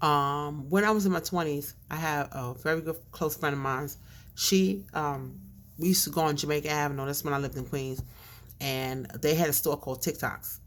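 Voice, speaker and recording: A woman with a low, dark voice tells a personal story to her camera. She talks casually, full of fillers and side comments. Her words come out slightly mushy from a chain in her mouth. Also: moderate pace, a little hiss or hum. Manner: chatty, with fillers and asides. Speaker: vlogger.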